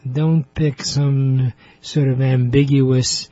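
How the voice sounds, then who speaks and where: Male radio host, slow chatty talk, laughs a lot, mellow voice, dry muffled sound. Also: medium pitch, flat delivery, no room sound. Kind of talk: radio interview.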